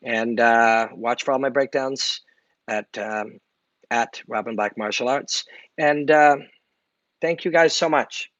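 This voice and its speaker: A man's voice: mid-range voice, a bit bright, no room sound. A man chatting live with his viewers, candid and reflective, with a casual habit of swearing. The sound is dull and lo-fi, dry and close with no room around it. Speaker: martial arts analyst and channel host. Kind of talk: casual livestream chat answering viewer comments.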